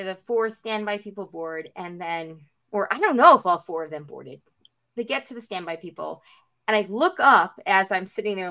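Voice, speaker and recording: A young woman co-hosting a podcast, telling a long story in casual chat, full of "like" and acting out everyone's lines with big jumps in pitch. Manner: animated, acts out quotes with big pitch jumps; peppered with "like" and casual swearing. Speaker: podcast co-host.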